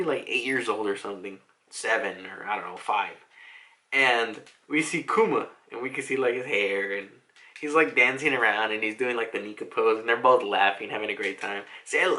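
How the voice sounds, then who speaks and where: A young man recaps a manga chapter in a mid-range, bright, forceful voice. He's chatty and packs in "like" fillers, acts out the characters' lines, and swears now and then.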